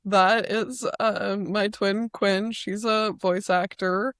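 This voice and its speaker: Young woman co-hosting a podcast, slow and teasing, lots of laughs, dry sound. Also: medium pitch, fairly even intonation, fairly bright tone, no echo. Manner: laughs often, wry and teasing. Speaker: podcast co-host. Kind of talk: casual chat.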